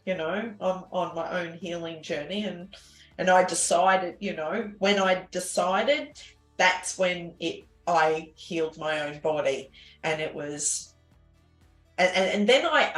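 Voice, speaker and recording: A woman telling her personal story as an interview guest, earnest and halting, with many restarts and fillers. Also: on the low side, a bit bright. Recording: echoey room with faint music.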